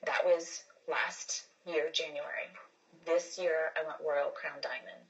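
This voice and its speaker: A woman's voice: low voice, fairly even intonation, slow, highs cut off. A woman hosting a casual livestream, talking earnestly and emphatically, rambling with many restarts and repeated words. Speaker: livestream host.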